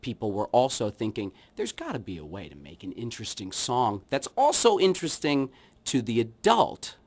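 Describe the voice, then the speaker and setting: A man who is a children's musician, chatting as a guest in a radio studio interview, wry and rambling, with his voice often trailing off into quieter asides. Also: medium pitch, huge pitch swings, moderate pace. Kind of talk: casual radio interview chat.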